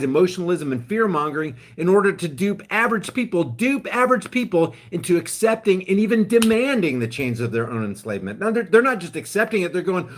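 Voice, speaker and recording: A man hosting a live stream, ranting in a heated, emphatic way, then dropping into quieter asides to his viewers. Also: sits high. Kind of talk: impassioned live-stream rant.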